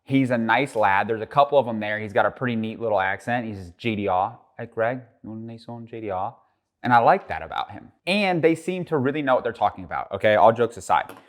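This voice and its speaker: A man's voice: fairly low pitch, lively intonation, fast, few pauses. Rambling, swearing man vlogging. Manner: joking, profane, rambling. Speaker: car vlogger. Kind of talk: casual vlog talk.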